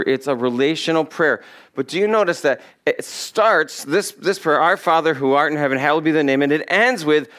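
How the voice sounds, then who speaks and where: A man preaching a sermon in a fairly high voice. He drags out key phrases for emphasis, quotes scripture, and asks his listeners questions directly. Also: fairly bright tone. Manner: addresses congregation directly with questions. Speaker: pastor.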